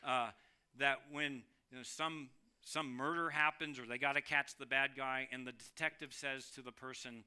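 A man's voice: mid-range voice, moderate pace, pushed and bright, clear, resonant tone. A man preaching a sermon, with emphatic rises and sudden drops in volume. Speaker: pastor.

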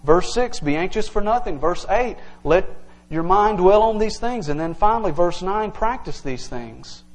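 A pastor delivers an earnest, emphatic evening sermon, working through scripture verse by verse for his congregation. His voice sits a little high with a darkish tone, and the recording quality is poor.

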